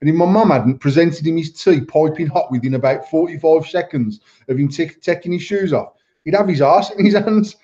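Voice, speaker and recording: A man's voice: fairly high pitch, a little fast, muffled recording. A man with an English accent, chatting casually as a podcast host, telling stories full of swearing and quoted dialogue. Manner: swearing, storytelling, animated quoting. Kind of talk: casual banter.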